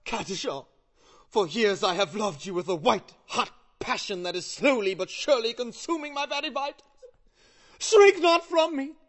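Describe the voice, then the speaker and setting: A woman playing a timid, lovesick comic man in an operetta, pleading floridly and singing a slow doleful song. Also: a little high, expressive. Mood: ardent. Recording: long hall reverb, guitar accompaniment.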